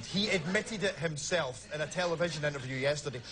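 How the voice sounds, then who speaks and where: A Scottish man, a talk show guest, telling animated anecdotes, laughing through them, with many restarts and acted-out voices. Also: fairly high pitch, fast talker. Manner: laughs through his stories, stacks up restarts and acts out quoted voices. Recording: heavy background noise.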